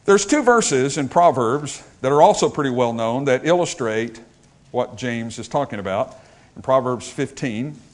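A man's voice: medium pitch, animated, moderate pace. A male pastor preaching a sermon, joking with the congregation and asking them questions.

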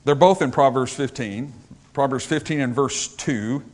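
A man's voice: mid-range voice, unhurried, a little mellow. A male pastor preaching a sermon, joking with the congregation and asking them questions.

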